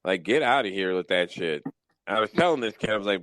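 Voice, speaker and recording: A man hosting a podcast, telling wild work stories in a casual, profane, animated way. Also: fairly low pitch, fairly quick, poor audio. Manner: profane, animated storytelling with mock exasperation. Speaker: podcast host. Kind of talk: casual storytelling chat.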